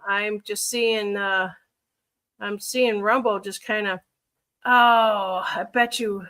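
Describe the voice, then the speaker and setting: A woman's voice: medium pitch, bright, forceful tone, clean tone. A woman from Chicago with a Chicago accent, chatting casually on a livestream as a reader, rambling and thinking aloud with many fillers.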